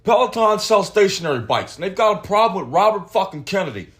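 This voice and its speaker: A man's voice: high voice, very animated, fast, pitched above the performer's own voice. Guy doing a raised-voice fight promoter, middle-aged, blunt, furious, swearing a lot. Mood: indignant. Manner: shouting, cursing, indignant.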